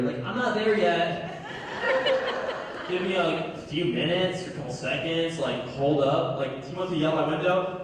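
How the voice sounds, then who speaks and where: A young man performs stand-up, his fairly high voice carrying through a big echoey hall. He is caught from far off, with a faint hiss underneath. He slips into quoted voices and chuckles along with his own punchlines. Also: very animated, moderate pace. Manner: storytelling, acts out quoted voices, laughs at his own jokes. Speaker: stand-up comedian. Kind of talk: stand-up comedy set. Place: large hall, recorded from far off. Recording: echoey hall, distant mic, faint noise.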